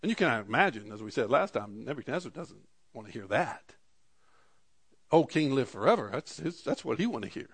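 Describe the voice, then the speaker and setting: A man preaching a sermon, reading scripture slowly and dropping his voice for asides. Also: very animated, breathy edge. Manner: slows and rises for scripture readings, drops low for asides; archaic scripture readings, repeated "Amen". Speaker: pastor.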